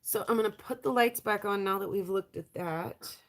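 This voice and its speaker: A woman with a stuffy nose and a raspy voice from allergies, chatting casually on a live stream as she shows rocks and trails off with ums. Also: mid-range voice, normal speed, a bit bright. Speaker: lapidary showing rocks to viewers.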